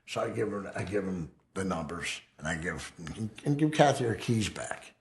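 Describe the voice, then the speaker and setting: Speaking at a normal speed, this man's low, gravelly voice is very animated, with a little hiss or hum in the audio. He's a documentary interviewee at a fireside, recounting a wild tale from his past in profane street slang and repeatedly asking "right?"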